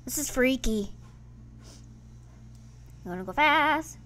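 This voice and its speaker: A woman hosting her gaming channel, giving casual let's-play commentary in an excitable, playfully grumbling way. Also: high-pitched, a little slow, long pauses, slight background noise.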